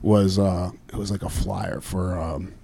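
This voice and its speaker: A man's voice: low-pitched, level tone, a little slow, vocal fry, warm tone, slight background noise. A middle-aged man with a Philadelphia accent, chatting casually as a guest, rambling with lots of fillers and frequent laughter. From Philadelphia area, USA. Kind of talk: casual chat.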